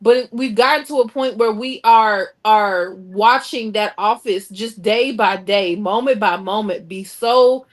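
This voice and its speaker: A woman's voice: medium pitch, measured pace, hardly any pauses. A woman co-hosting a talk panel, speaking emphatically, often repeating herself as her indignation builds. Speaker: co-host of a local talk show. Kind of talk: passionate panel discussion.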